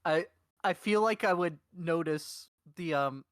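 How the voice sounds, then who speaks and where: A man's voice: on the high side, measured pace, clear, resonant tone, no echo, studio quality. A man playing in a tabletop game, casual and stammering when he gets flustered. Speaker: player.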